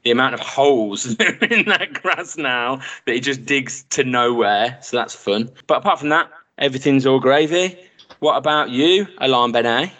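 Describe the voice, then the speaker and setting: A man's voice: mid-range voice, moderate pace, sharp tone. A man co-hosting a podcast, bantering with friends in a joking, slangy way. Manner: jokey and laughing, slangy. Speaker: podcast co-host. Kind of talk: casual chat among friends.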